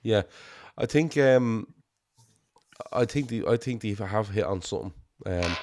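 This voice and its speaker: A man's voice: lowish voice, expressive, a little slow, background noise. A man with a Liverpool accent hosting a casual football podcast, chatty and rambling, swearing casually. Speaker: show host.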